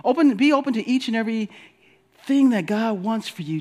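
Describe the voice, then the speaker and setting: Brief: male minister, high voice, emphatic repetitive sermon delivery. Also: expressive, a little fast, darkish tone. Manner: emphatic, repetitive preaching with rising and falling delivery.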